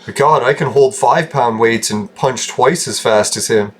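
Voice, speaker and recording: A man's voice: mid-range voice, measured pace, breathy edge. A man from Canada giving rambling, casual commentary over gameplay, joking, swearing and laughing often. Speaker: gaming channel host.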